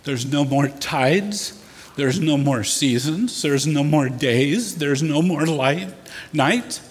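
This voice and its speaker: A man's voice: on the high side, slow pace, slightly rough. A man preaching a sermon as pastor, acting out scenes and building to emphatic bursts. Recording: echoey hall with long reverb.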